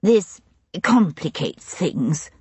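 A woman reads a stout, frightened antiquary who stammers nervously. The voice is low and husky, and the sound is close and dry. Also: lively intonation, unhurried, a little mellow, no echo, heavily acted.

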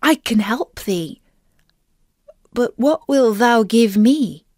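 A woman's voice: fairly high pitch, animated, slow, darkish tone, no room sound, clean studio sound. A woman voicing a coaxing male frog in a fairy tale, speaking in old-fashioned storybook language.

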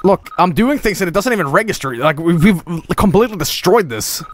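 Excitable, swearing man streamer. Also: sits high, brisk, no room sound. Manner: profane, excitable, cracks up laughing often. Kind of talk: casual gameplay commentary.

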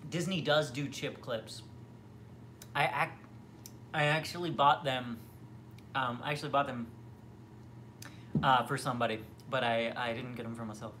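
There's slight background noise as a young man, mid-range in pitch with a bright, forceful tone and fairly even intonation, hosts a casual livestream from his home kitchen by the fridge. At a moderate pace with long pauses, he answers viewer comments in rambling fashion, full of fillers and restarts.

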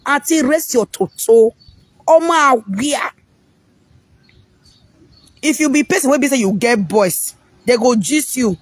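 A woman's voice: sits high, expressive, unhurried, pauses often, husky, dry recording. A woman with a Nigerian accent talking frankly in a casual monologue, rambling and repeating words mid-sentence.

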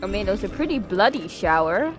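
A woman's voice: mid-range voice, big pitch swings, fairly quick, over music. A young woman streaming a horror game, chatting and teasing a friend, often laughing and breaking into sudden shrieks. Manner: giggly, teasing, bursts into shrieks. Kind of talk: live gaming commentary with a friend.

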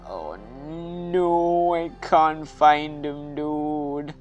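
A woman giving casual gameplay commentary, excitable and anxious, often calling out "dude". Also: deep voice, extremely slow, faint music behind. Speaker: gaming video host.

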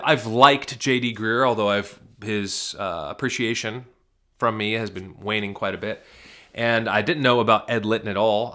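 Chatty low-voiced pastor with a bright edge. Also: male voice. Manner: chatty, jokey, jumps between loud emphatic bursts and quiet asides. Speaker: pastor and podcast host. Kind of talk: casual solo podcast commentary. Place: small-town Kentucky.

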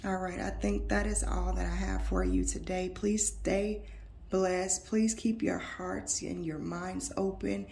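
Slow, gravelly-voiced woman reading tarot. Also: fairly low pitch, steady tone, mellow, echoey room. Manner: earnest, emotional, slow and emphatic affirmations. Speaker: tarot reader. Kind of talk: intuitive tarot reading to viewers.

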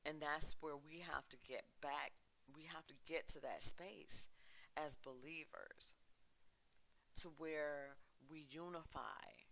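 A man preaching a sermon with emphatic, chant-like repeated lists, reading scripture with dramatic pauses. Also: on the high side, vocal fry, pushed and bright, rough recording. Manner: reads scripture dramatically, slowing and dropping his voice.

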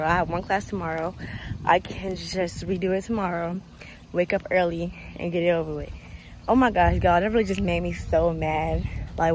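A woman's voice: mid-range voice, a little hiss or hum. A young woman vlogging casually to the camera, chatty and laughing, out of breath after a long walk. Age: young adult. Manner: chatty, laughs often, says y'all a lot. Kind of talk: casual vlog chat to camera.

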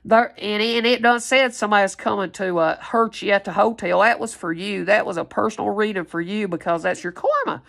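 Furious woman ranting, gravelly. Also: mid-range voice, fairly quick, few pauses, a bit bright. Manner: heated, profane, confrontational. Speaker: tarot reader vlogger. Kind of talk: angry rant to viewers.

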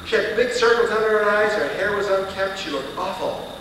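A man's voice: sits high, fairly quick, a bit bright, pitched above the performer's own voice. A man voicing an eager, chatty church pastor in a sermon story. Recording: echoey hall recording from far off, with hiss.

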